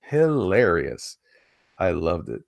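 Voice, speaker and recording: A man talks loosely to his stream chat in a fairly low voice. His sentences restart and wander as he answers viewers' comments. The recording is dry and close to the mic. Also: wildly swooping pitch, takes it slowly, vocal fry, no room sound. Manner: rambling, with frequent restarts. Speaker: comic artist streaming and reading chat. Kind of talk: casual live-stream chat.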